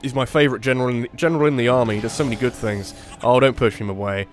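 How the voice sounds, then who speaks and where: A man's voice: medium pitch, very fast. Rambling man with a sore throat. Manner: rambling, self-correcting, excitable outbursts. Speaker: gaming channel host. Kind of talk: let's play commentary.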